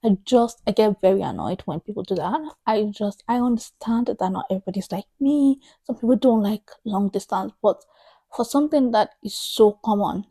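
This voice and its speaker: A woman's voice: medium pitch, dark tone, breathy edge, dry recording. A woman in her thirties chatting in a book vlog, emphatic and exasperated, repeating herself for effect. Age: 30s. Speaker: book vlogger.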